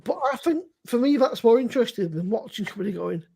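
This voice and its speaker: A woman guesting on a casual live stream, telling animated stories, swearing and saying "mate". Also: a little high, fast, creaky, slightly rough.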